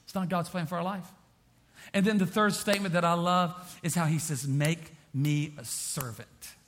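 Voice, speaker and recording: A man preaching a sermon as pastor, repeating phrases and swinging from quiet to impassioned. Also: sits high, steady tone, a little fast.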